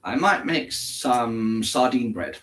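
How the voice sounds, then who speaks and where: A man's voice: medium pitch, expressive, takes it slowly, fairly bright tone. An English man chats casually on a live stream. He answers viewers one by one and calls them by name. He talks in an easy, conversational way. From England. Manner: chatty, answers viewers by name, switches into German. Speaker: livestreamer reading chat.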